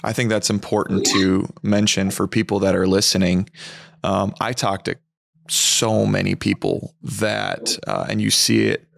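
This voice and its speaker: A man's voice: fairly low pitch, flat delivery, creaky, no echo, studio quality. A man hosting a faith podcast, chatting in a reflective, conversational way. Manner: conversational, reflective, quick back-channel replies. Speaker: podcast host. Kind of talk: casual chat.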